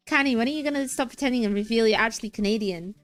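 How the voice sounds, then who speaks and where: Talking fast in a fairly high voice, a young woman streamer rambles through casual, playful livestream chat and giggles between thoughts, with faint music behind.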